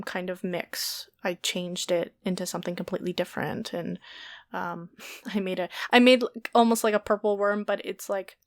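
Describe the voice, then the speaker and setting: A woman's voice: fairly low pitch, smooth, dry recording. Giggly, swearing woman telling stories. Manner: giggly, swears freely, rambling storytelling. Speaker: podcast guest, dungeon master. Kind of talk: casual chat.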